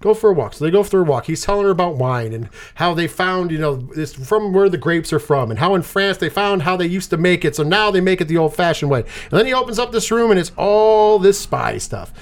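A podcast co-host, a man, recaps a movie plot in casual chat. His voice sits high and swoops all over the place. He tells it with animated energy and drops swear words freely. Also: a little fast, few pauses.

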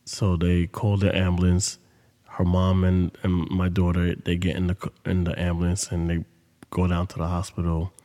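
A man's voice: low voice, monotone, normal speed, warm tone, in a large hall. A man hosting a podcast, telling a story in casual monologue with loose, profane street talk. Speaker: podcast host.

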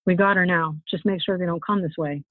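A woman's voice: fairly low pitch, steady tone, brisk, no echo, close to an everyday voice. A woman reading aloud, voicing a blunt, slangy male thug boss who gives the orders. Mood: warning. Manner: rough, slangy, commanding. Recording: tinny phone-like, dry sound.

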